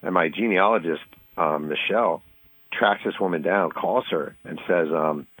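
A man from New York, an author talking as a guest in an interview, telling a story quickly and acting out the voices of the people in it. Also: sits low, low-quality recording. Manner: fast, animated storytelling, acting out quoted voices.

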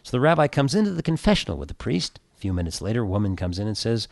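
Male rabbi host, low voice, animated delivery, joke teller. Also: fast talker, creaky, no echo, studio quality. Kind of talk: radio show hosting and joke telling.

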